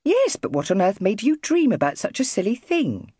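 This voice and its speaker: A woman's voice: mid-range voice, very animated, moderate pace, dark tone, breathy edge, no room sound, studio quality, voice pushed up. A woman voicing a mother of five who is firm but soothing. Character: brisk, caring mother of five.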